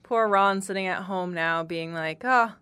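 A woman's voice: fairly low pitch, fairly even intonation, a little slow, a bit bright, smooth, no echo. A woman co-hosting a casual chat, mostly agreeing with short replies and adding a few thoughts of her own. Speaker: podcast co-host.

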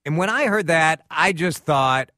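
Lively radio host, dry sound. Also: male voice, a little high, measured pace, no room sound. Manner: lively, chatty, laughs easily. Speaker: radio talk show host. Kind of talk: casual radio talk.

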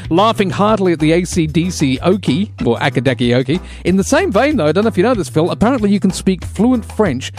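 A man hosting a radio show, with playful, cheeky banter. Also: high-pitched. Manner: playful, cheeky, quick to joke. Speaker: radio host.

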